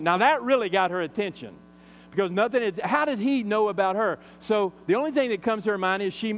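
A man preaches in a slightly high voice. He retells a scripture story in a loose, conversational way, with frequent fillers. A faint mains hum sits under the recording. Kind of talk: sermon retelling a Bible story.

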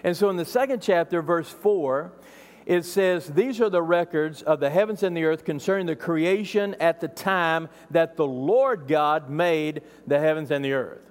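A man's voice: fairly high pitch, normal speed, big-room sound. A man preaching an expository sermon as a pastor, emphatic and building up through repeated phrases.

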